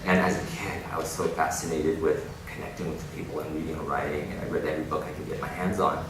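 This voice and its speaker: Deep-voiced man giving a keynote in an echoey hall. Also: quick pace. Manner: animated storytelling with frequent laughs. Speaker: keynote speaker. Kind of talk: inspirational keynote talk. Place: large conference hall. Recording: echoey hall, distant mic, noisy.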